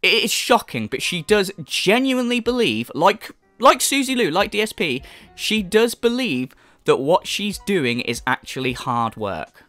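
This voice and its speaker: A man rants through a reaction commentary, sarcastic and profane, his pitch leaping up and down as he mocks and scolds. He sounds close to the mic in a dry, dead room. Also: very animated, a little slow, fairly bright tone, no echo, faint music behind. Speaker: commentary YouTuber.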